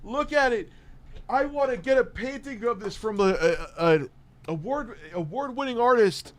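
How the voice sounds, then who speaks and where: A man's voice: extremely high pitch, lively intonation, moderate pace, no room sound. A man giving a mocking, incredulous commentary rant, laughing often and swearing freely. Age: adult, his own peer group. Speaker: commentary host. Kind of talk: ranting commentary.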